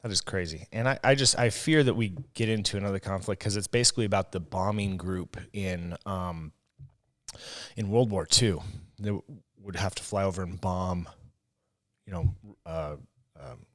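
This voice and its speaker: A man's voice: low voice, fairly even intonation, moderate pace, fairly bright tone. A young adult man co-hosting a podcast in casual, profane, rambling chat. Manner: profane, rambling, laughs often. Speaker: podcast co-host.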